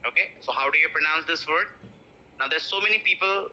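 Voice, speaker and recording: Bright-voiced teacher. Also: male voice, fairly high pitch. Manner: repeats words slowly, stretching the stressed syllable. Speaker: English pronunciation teacher. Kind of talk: spoken English lesson. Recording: muffled lo-fi audio.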